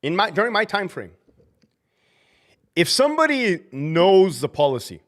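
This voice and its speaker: A man with a fairly high voice that swings up and down a lot, talking about his old prison job on a live stream. He is blunt and swears constantly. His storytelling is animated. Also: moderate pace. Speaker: livestream host, former prison officer. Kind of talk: casual livestream chat.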